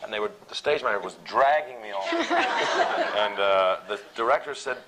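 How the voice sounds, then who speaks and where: A man's voice: medium pitch, wildly swooping pitch, normal speed. A man on a theatre panel telling a self-mocking anecdote, rambling and chuckling as he goes. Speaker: actor on a panel. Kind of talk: anecdotal storytelling. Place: theatre seminar before an audience. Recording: old noisy recording with loud hiss.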